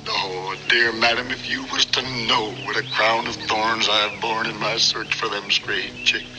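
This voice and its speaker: An actor playing a sinister fake preacher in a 1950s film, speaking in an unctuous, sermonizing way. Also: male voice, lowish voice, flat delivery, a little slow, lightly acted, poor audio. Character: sinister smooth-talking fake preacher, grown man. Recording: old film soundtrack with music.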